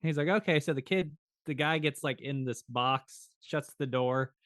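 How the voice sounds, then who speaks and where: A mid-pitched man co-hosts a podcast in a casual chat. He tells stories with energy, acts out the lines he quotes and laughs often. The recording is dry and close-miked. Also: fairly even intonation, a little slow, fairly bright tone, no room sound. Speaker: podcast co-host.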